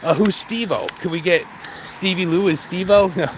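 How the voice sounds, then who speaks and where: A man's voice: high voice, moderate pace, background noise. A man vlogging on a dog walk, rambling and joking, laughing at himself as he talks. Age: adult with kids. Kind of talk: casual walk-and-talk monologue.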